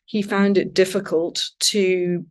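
Woman guest, rambling, restarts a lot, mid pitch. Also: flat delivery. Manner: rambling, halting, many restarts. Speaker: interview guest. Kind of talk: casual conversational interview.

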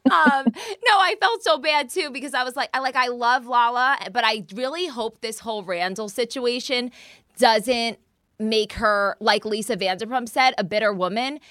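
A woman's voice: on the high side, moderate pace, pushed and bright, no room sound, studio quality. A young woman hosting a podcast in a casual chat, rambling and laughing often as she talks. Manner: giggly, rambling, frequent laughs and self-interruptions. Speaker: podcast host.

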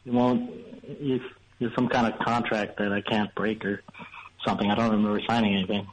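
A man's voice: on the low side, steady tone, fairly quick, slight background noise, poor audio. A man calling in to a radio show, chatting easily and joking with the host. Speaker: caller. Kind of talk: call-in radio chat. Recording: radio call.

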